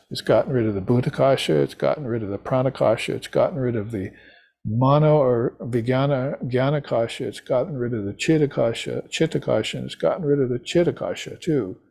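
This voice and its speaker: A man giving an unhurried, reflective talk on scripture, now and then chanting short mantras. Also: mid-range voice, creaky, darkish tone, breathy edge. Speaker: spiritual teacher. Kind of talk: recorded lecture on scripture.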